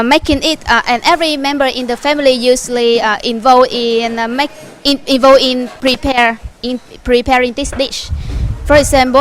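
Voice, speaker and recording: Halting woman guide. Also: fairly high pitch, a little hiss or hum. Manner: halting, heavy on fillers and restarts. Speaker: local food tour guide. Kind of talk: explaining a dish on camera.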